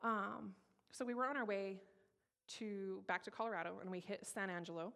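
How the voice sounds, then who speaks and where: A woman in her thirties gives a personal testimony, telling her story in a candid, humorous, lively way. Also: medium pitch, moderate pace, gravelly. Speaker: speaker giving a personal testimony.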